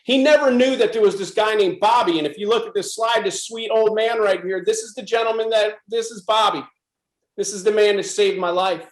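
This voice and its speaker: Intense high-voiced man telling his story. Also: fairly quick, roomy sound, poor audio. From USA. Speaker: speaker at a club presentation. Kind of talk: personal testimony talk.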